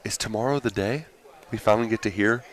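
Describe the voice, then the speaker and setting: A man's voice: lowish voice, quick pace, no echo, a faint crowd, low-quality recording. A man co-hosting a live radio show outdoors at a racetrack, telling stories with lots of fillers and little laughs. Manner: rambling storyteller with filler words and laughs. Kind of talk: casual live radio chat.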